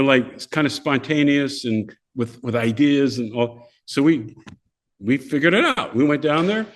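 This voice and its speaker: An older man, a podcast guest, telling casual stories and acting out the voices of people in them. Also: on the high side. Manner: animated, acts out voices of people in his stories. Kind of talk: casual storytelling.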